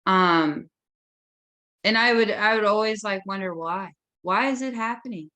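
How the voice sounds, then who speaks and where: A woman's voice: medium pitch, a little slow, sharp tone. A woman taking part in a course discussion, talking casually and hesitantly with many fillers. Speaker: course participant.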